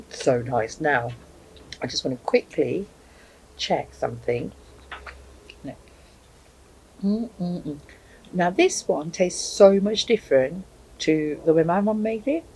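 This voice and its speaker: A woman's voice: sits low, takes it slowly, long pauses, a little mellow, slight background noise, rough recording. A woman reviewing hot sauces to camera at home, chatting casually and thinking aloud with frequent ums. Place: home, indoors with a cat.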